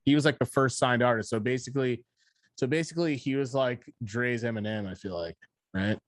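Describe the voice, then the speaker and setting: A man co-hosting a podcast, chatting in a loud, profane, animated way. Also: mid-range voice, fairly quick, no echo. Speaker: podcast co-host. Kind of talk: casual chat.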